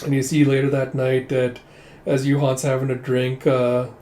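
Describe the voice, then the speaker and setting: A man's voice: medium pitch, completely flat delivery, normal speed, warm tone, slight background noise. A man casually recapping a story in a chatty, loose way with fillers, recorded in an echoey room. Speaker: manga reviewer. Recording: roomy echo.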